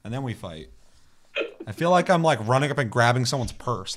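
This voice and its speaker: A man's voice: medium pitch, animated, a little fast, a bit bright, a little hiss or hum. A man co-hosting a gaming podcast, telling rambling, profane stories and acting out silly voices as he goes. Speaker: podcast co-host. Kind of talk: casual gaming chat.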